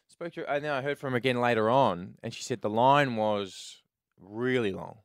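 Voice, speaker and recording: A man's voice: medium pitch, normal speed, no room sound. A man hosting a breakfast radio show in a chatty, conversational way, recorded close on a studio microphone. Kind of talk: casual radio chat.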